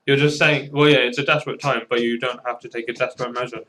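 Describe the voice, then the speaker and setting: A man's voice: mid-range voice, fairly even intonation, fast, pushed and bright, low-quality recording. A man chatting in an informal group discussion, talking in a rambling, hesitant way and acting out little quotes. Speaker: discussion participant.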